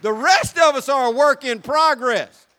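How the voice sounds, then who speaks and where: A male pastor preaching a sermon, animated, moving from soft asides to shouts. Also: very high voice, measured pace.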